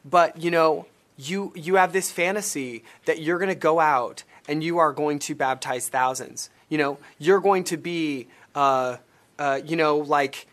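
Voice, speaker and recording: A man talking as a guest in a casual interview, telling animated stories with bursts of laughter. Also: fairly high pitch, unhurried. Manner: animated storyteller, acts out quotes with laughter. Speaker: guest, former missionary and stage performer.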